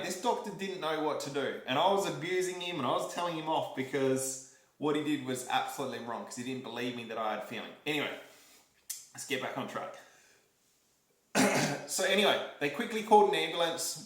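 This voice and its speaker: A young Australian man with a fairly high voice tells a story straight to camera. He is animated, repeats himself and acts out the lines of the people in it. His voice rings around a roomy space. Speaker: vlogger. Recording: roomy echo.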